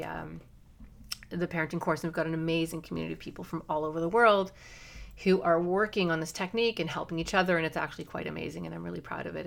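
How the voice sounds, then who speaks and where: Middle-aged woman doing a solo parenting podcast, kinda low and gravelly, earnest coaching vibe. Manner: earnest coaching tone, quick asides.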